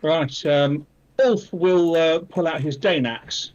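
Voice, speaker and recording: A man playing a tabletop game online, describing his character's actions in a measured way. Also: fairly high pitch, darkish tone, lo-fi sound. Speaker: player.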